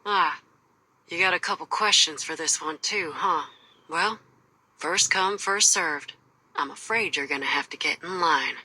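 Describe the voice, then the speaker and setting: An actress voicing a tough, cold female mercenary in a video game, with a gruff, threatening, folksy drawl. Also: on the low side, unhurried, bright, forceful tone, exaggerated voice, low-quality recording. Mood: taunting. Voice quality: husky.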